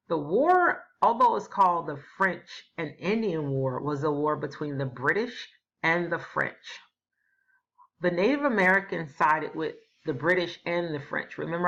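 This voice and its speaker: A woman's voice: sits low, fairly bright tone. A woman teacher giving a casual, explanatory history lesson. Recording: dull lo-fi recording.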